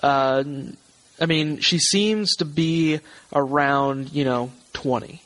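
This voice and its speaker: A man narrating a tabletop horror game as game master over a voice call, with halting, filler-heavy narration. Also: a little high, fairly bright tone, low-quality recording. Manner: halting, many fillers and restarts.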